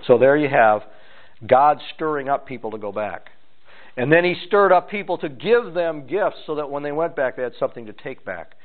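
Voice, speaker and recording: A man's voice: medium pitch, lively intonation, normal speed. A man preaching an expository sermon, with pointed asides to his listeners. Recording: tinny phone-like sound.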